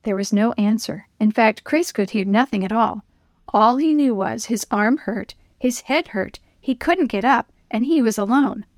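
Female storyteller, gentle scripted narration, higher voice, dry. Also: lively intonation, a little slow, dry recording.

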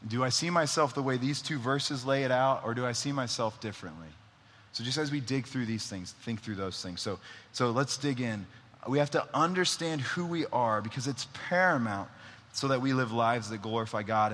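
A man's voice: mid-range voice, fairly bright tone. A young adult man giving a conversational sermon, casual and often checking in with his listeners. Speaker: preacher. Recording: long hall reverb.

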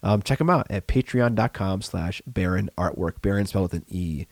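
A man's voice: sits low, brisk, dry recording. A man co-hosting a hobby podcast, chatting casually and joking, often trailing off into fillers. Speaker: podcast co-host. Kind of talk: casual chat.

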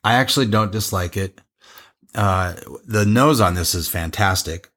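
A man's voice: on the low side, normal speed, a bit bright. A man co-hosting a wine podcast, chatting casually and rambling with frequent restarts. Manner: rambling, self-interrupting. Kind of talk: casual chat.

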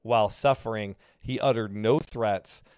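A man's voice: fairly low pitch, a little slow, a little mellow, clear, resonant tone, dry recording, clean studio sound. A male pastor teaching a casual sermon, talking conversationally and often correcting himself mid-sentence. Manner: conversational, self-correcting, with frequent fillers.

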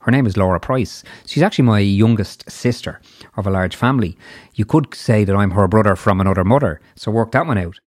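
A man's voice: fairly low pitch, fairly quick. A man in his fifties with an Irish accent, hosting a podcast interview in a chatty, rambling way with many restarts and asides. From Ireland. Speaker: podcast host. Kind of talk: casual interview chat.

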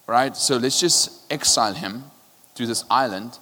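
A male pastor preaching a passionate sermon, his voice swinging from quiet and low to loud, often checking in with "right?". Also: normal speed. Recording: long hall reverb.

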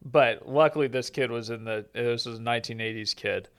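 A man's voice: mid-range voice, a little fast, fairly bright tone. Joking man hosting a podcast. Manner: joking, sarcastic. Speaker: podcast host and immigration lawyer. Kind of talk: casual podcast chat.

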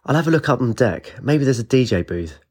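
A man's voice: medium pitch, expressive, fairly quick, darkish tone, pitched above the performer's own voice, close to an everyday voice. A man voicing a casual, easygoing young man companion. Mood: frustrated. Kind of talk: audiobook character voice.

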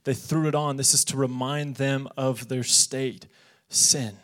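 Young man as youth pastor, earnest and animated sermon, brings quoted lines to life. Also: mid-range voice, measured pace. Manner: earnest, animated preaching that acts out quoted voices. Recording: podcast of a live church sermon.

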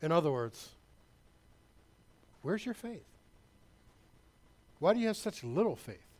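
A male pastor preaching a sermon, emphatic and loud, with asides to the congregation. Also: on the high side, sing-song, slow pace.

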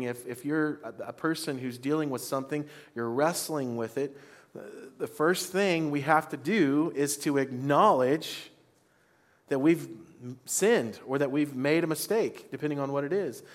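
A man's voice: on the high side, moderate pace. A man preaching a sermon to a congregation, leading call-and-response lines. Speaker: pastor. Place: church before a congregation.

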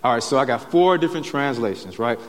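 A man's voice: mid-range voice, animated, fast talker. Male pastor, chatty sermon delivery, tags lines with "right?", long church reverb. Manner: conversational preaching with frequent "right?" tags. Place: church sanctuary.

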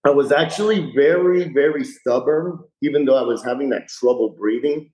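Firefighter guest in a roomy-sounding room. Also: male voice, mid-range voice, moderate pace, darkish tone. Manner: candid, chatty retelling with frequent "you know". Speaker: fire rescue lieutenant guest. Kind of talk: podcast interview, storytelling. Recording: roomy echo.

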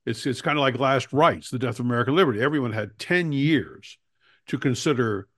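A man's voice: medium pitch, fairly quick, fairly bright tone. A man hosting a talk show, chatting casually about politics with wry jokes. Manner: wry, joking.

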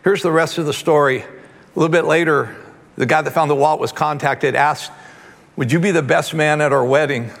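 A man's voice: fairly high pitch, fairly even intonation, fairly quick, fairly bright tone, big-room sound. A man preaching a sermon, telling a story animatedly with quoted voices. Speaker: pastor.

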